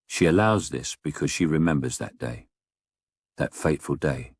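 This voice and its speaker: A middle-aged man narrates a comic monologue with a voice pitched very low. His delivery is wry and deadpan, with mock-indignant asides, and his voice is close and dry in a room with no echo. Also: normal speed, husky.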